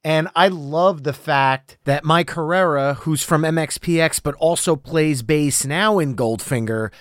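A middle-aged man hosting a casual podcast, eager and friendly as he talks about music he loves. His voice sits a little high and sounds dry and close. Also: unhurried, a bit bright, dry recording. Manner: enthusiastic fan, friendly. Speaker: podcast host.

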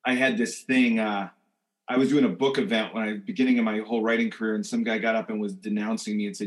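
A man's voice: fairly low pitch, flat delivery, quick pace, low-quality recording. A man as a guest author on a podcast, rambling and restarting his sentences. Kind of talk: casual interview chat.

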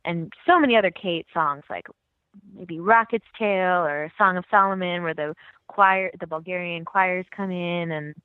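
A woman's voice: lowish voice, moderate pace, no room sound. Woman co-host from California, eager and chatty; thin, dry phone-like recording. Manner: enthusiastic, chatty, many fillers and laughs. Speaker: podcast co-host. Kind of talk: casual chat about music.

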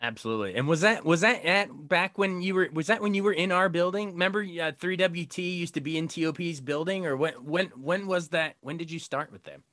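Guy interviewing someone, friendly, kinda bright and a bit high pitched. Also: brisk, hardly any pauses, no echo, studio quality. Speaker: entertainment reporter interviewing a guest. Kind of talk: conversational interview.

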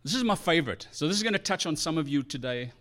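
Passionate, animated male preacher. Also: on the high side, fast. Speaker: pastor. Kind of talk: sermon.

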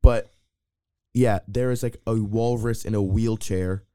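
Mellow, smooth-voiced young man rambling. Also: on the low side, steady tone, measured pace, no echo, studio quality. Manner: rambling, restarts often, playful banter. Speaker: podcast co-host. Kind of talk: casual movie review chat.

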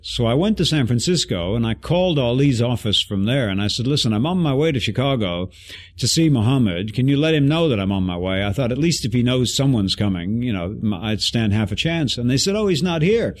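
A man guest telling an animated story in an interview, acting out the voices of people he quotes. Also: medium pitch, brisk.

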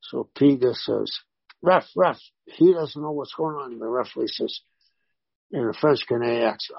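A man, a former pro wrestler, telling animated stories in a casual interview and voicing the people in them. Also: mid-range voice, normal speed, creaky, slightly rough, no echo, muffled recording. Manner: animated anecdotes with voiced quotes.

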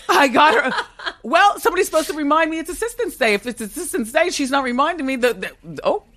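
A woman in her fifties speaks with a strong, commanding voice that is high, expressive, quick and a bit bright, in a dry, clean studio recording. She's a talk show host appearing as a podcast guest, talking candidly and emphatically in an interview and laughing often. The setting is an office with a kitchen upstairs.

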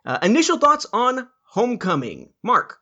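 A man's voice: extremely high pitch, wildly swooping pitch, normal speed, pushed and bright. A man hosting a casual podcast discussion, summarizing and passing turns to others. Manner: summarizing, handing over turns. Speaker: podcast host.

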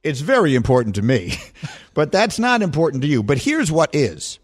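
A man's voice: on the high side, huge pitch swings, normal speed. A middle-aged man hosting a sports radio show, chatting in a self-deprecating, storytelling way. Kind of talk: casual radio talk.

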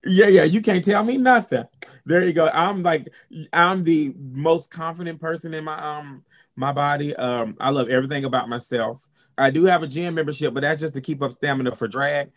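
Sassy Southern drag performer. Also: male voice, fairly high pitch, normal speed. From South Carolina. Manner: sassy, expressive, sprinkles in "honey" and "girl". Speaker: drag performer, interview guest. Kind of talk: candid storytelling interview.

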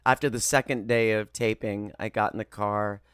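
Guy actor on an interview, animated storyteller, dry close mic. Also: fairly low pitch, moderate pace, clear, resonant tone, no room sound. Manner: expressive, lively retelling with playful voices. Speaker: voice actor guest.

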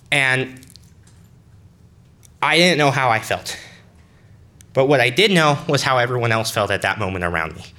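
Young male storyteller, bright voice, earnest and halting, casual delivery. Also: medium pitch. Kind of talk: personal story told to an audience.

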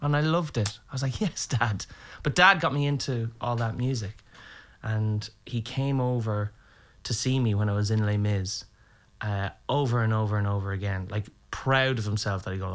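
A middle-aged Irish man chatting casually as a podcast guest, telling lively anecdotes and acting out the voices of people in them. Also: fairly low pitch, normal speed. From Ireland. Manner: animated, acts out voices in anecdotes. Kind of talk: casual storytelling chat.

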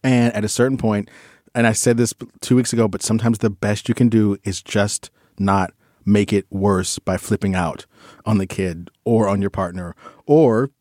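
A man's voice: on the low side, steady tone, normal speed, darkish tone, no echo, studio quality. A man co-hosting a podcast, talking casually in a rambling, self-correcting way. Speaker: podcast co-host. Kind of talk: casual chat.

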